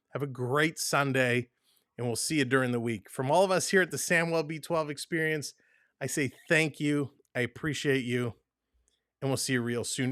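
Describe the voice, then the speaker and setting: A man from Canada hosts a casual hockey livestream, out of breath and upbeat as he thanks his viewers. His voice sits a little high for a man. The sound is dry and close, recorded at a desk mic with no room around it. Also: a bit bright, dry recording. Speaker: livestream host.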